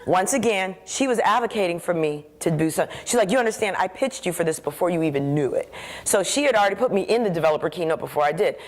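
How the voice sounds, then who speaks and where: A woman speaking into a stage microphone at a conference keynote, her voice sitting a little low. She tells her story with animated energy and acts out the voices in her head. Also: fast talker.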